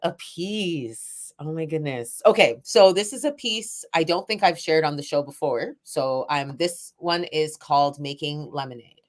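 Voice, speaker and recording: A woman poet and event organizer talks through her story in a low voice. She is candid and self-described shy, drifting through fillers and soft laughs as she thinks aloud. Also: measured pace. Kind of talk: reflective interview conversation.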